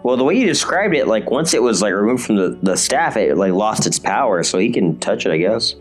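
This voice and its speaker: Guy at a tabletop game, lowish voice, jokey, stumbles over words. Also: brisk, soft background music. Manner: joking, stammers when excited. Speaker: player. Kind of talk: casual tabletop play.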